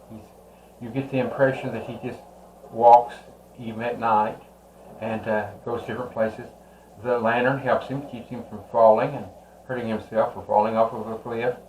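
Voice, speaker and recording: Male tarot reader, mid-pitched, rambling and halting delivery, recorded in an echoey room. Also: slight background noise. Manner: slow, rambling, with many "uh" pauses. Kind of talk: unhurried tarot card reading.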